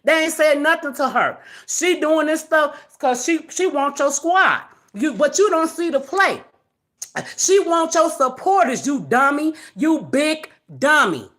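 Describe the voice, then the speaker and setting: A woman's voice: high voice, expressive, unhurried, a bit bright. A woman hosting a live stream, delivering a blunt, confrontational rant that scolds someone directly. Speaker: livestream host. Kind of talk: livestream rant. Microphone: phone or webcam on a live stream.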